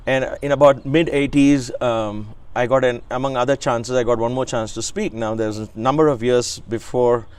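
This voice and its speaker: A man's voice: mid-range voice, fairly even intonation, moderate pace, hardly any pauses, clean tone, no echo. A man in his sixties, an interviewee, telling a reverent personal story in an earnest way. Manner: earnest, reverent, frequent restarts and soft laughs. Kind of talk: reflective storytelling.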